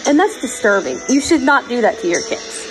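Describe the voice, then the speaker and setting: A woman's voice: fairly high pitch, big pitch swings, moderate pace, music in the background, low-quality recording. A woman hosting a podcast, talking in an earnest, emotional, pleading way. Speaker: podcast host. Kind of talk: casual chat. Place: virtual world.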